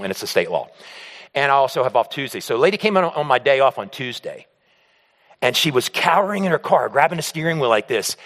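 Animated male pastor in a hall. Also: on the high side. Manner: animated, acts out the voices of others in his stories. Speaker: pastor speaking to a men's group. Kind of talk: sermon with personal storytelling.

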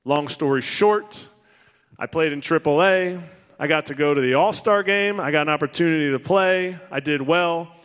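Guy in his 30s doing a funny storytelling talk, kinda high voice, big echoey hall. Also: moderate pace, clean tone. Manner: animated, self-mocking, acts out both sides of conversations. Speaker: former baseball player telling his story. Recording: long hall reverb.

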